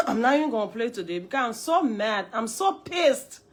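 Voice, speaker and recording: A woman with a Liberian English accent, hoarse from a cold, hosting a live stream, greeting viewers and repeating her points emphatically. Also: a little high, sing-song, normal speed.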